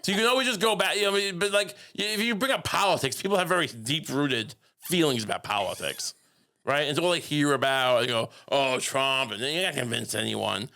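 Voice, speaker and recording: Bright-voiced deadpan male podcast host. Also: on the high side, fast talker, vocal fry. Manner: deadpan absurd rambling with frequent restarts. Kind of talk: casual comedic podcast banter.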